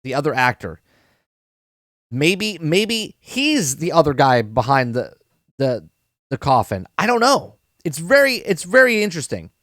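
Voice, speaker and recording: A man's voice: a little high, very animated, measured pace, fairly bright tone, no echo, clean studio sound. Chatty man rambling through a show review. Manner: rambling, repeats words, addresses chat, swears casually. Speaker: podcast host reviewing a TV episode. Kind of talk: casual live-stream review.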